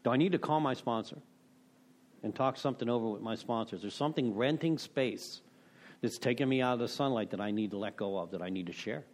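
A man's voice: mid-range voice, brisk, a little mellow. A middle-aged man giving a candid, rambling talk on recovery steps, full of self-deprecation and "you know.". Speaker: recovery meeting speaker.

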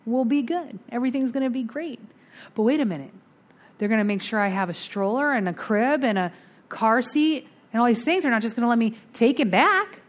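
A middle-aged woman telling her recovery story at a twelve-step meeting, candid and animated, acting out the voices of the people in it. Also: on the high side, a little fast.

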